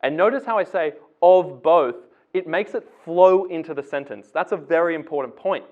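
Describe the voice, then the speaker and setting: A man walks through essay writing in a casual, step-by-step teaching manner. His voice sits a little high. The sound is thin and tinny, like a phone line. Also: normal speed, hardly any pauses. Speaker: English tutor.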